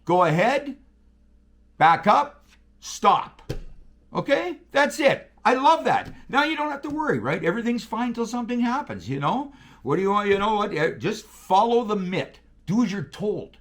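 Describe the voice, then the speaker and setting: Lively high-voiced man. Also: normal speed. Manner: animated, profane, acts out radio calls. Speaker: guest, railroader. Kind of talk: casual storytelling chat.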